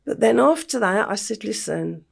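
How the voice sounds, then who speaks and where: An older woman from England tells her story in a deeply gravelly, husky voice. She speaks slowly and plainly, laying out events one after another as an interview guest. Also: a little mellow. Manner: slow, matter-of-fact storytelling. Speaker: podcast guest.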